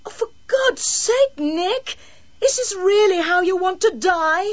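A woman narrator voicing a frantic grown woman who pleads and bawls at others, high and strained. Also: sing-song, normal speed, muffled recording. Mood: pleading. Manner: pleading, desperate shouting. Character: frantic grown woman trying to save a boy.

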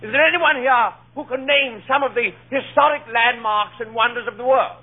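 A man's voice: very high-pitched, normal speed, voice pushed up. A man playing a pompous old male explorer who lectures in a formal, stately way. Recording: tinny old radio broadcast.

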